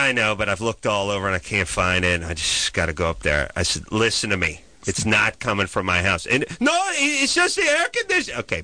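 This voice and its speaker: A man's voice: deep voice, sharp tone, no room sound. A man hosting a podcast, telling a profane, exasperated comic rant about his neighbors. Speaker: podcast host. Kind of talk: comedic ranting storytelling.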